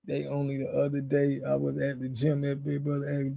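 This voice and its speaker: A man's voice: medium pitch, completely flat delivery, a little fast, gravelly, dark tone. An American man hosting a casual livestream, answering chat in an emphatic, slangy way and repeating himself when he gets fired up. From United States. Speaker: show host.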